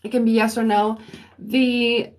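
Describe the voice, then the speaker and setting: A woman hosting a livestream of free readings in a relaxed, unhurried way, often pausing on "um" as she chats with viewers. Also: on the high side. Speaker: host and psychic reader. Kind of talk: casual livestream chat.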